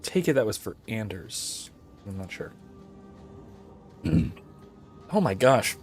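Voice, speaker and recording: A man's voice: on the low side, sing-song, slow pace, faint music behind. A man hosting casual gameplay commentary on philosophy, hiccuping throughout and apologizing while rambling with many fillers. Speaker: philosophy lecturer and let's-play host.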